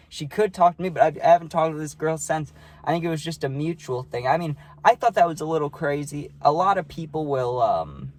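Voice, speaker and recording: A man's voice: a little high, no echo. A young man telling a casual storytime, rambling and often tagging "right?" onto his sentences. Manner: rambling, keeps adding "right?". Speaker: vlogger.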